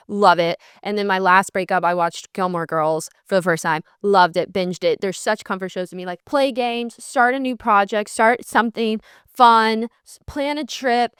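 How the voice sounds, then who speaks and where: A woman's voice: mid-range voice, a bit bright, clean tone, no room sound, studio quality. A young woman hosting a podcast, giving candid breakup advice in a blunt, sassy and heavily profane way. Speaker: podcast host.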